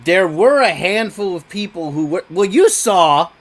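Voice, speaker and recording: A man's voice: high-pitched, expressive, unhurried. A man co-hosting a casual movie podcast, chiming in with dry, wry remarks. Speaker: podcast co-host.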